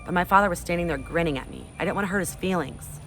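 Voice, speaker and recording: A woman's voice: lowish voice, quick pace, faint music behind. A woman in her thirties, a teacher, reading a children's book aloud expressively to her class. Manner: expressive, animated. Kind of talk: storybook read-aloud.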